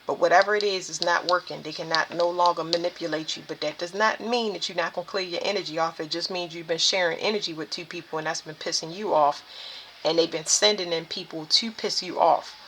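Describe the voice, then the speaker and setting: A woman delivers a spiritual tarot reading straight to her viewers. She talks in an emphatic, preaching way, with a bright, ringing tone over a faint hiss. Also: on the low side, fairly even intonation, a little fast.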